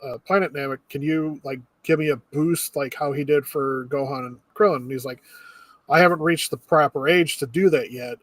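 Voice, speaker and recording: A young man co-hosting a casual movie review chat, recapping the plot in a relaxed way with many fillers. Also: fairly high pitch, moderate pace, no echo. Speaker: podcast co-host.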